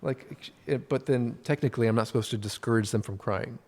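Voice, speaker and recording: A man's voice: medium pitch, a little fast, darkish tone. A man who is a podcast guest, musing aloud and often checking that he is understood. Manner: musing aloud, asking for agreement. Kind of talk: casual chat. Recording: reverberant room.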